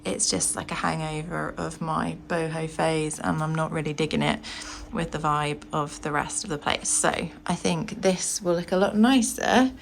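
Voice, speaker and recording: A young woman chats to the camera from a staircase at home. Her voice sits a little low with a gravelly edge and a faint hiss behind it. She rambles easily and restarts her sentences as she goes. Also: fairly even intonation, normal speed, rough recording. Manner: chatty and rambling, with hesitant restarts. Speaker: vlogger. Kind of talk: casual to-camera chat. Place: indoors, sitting on a home staircase.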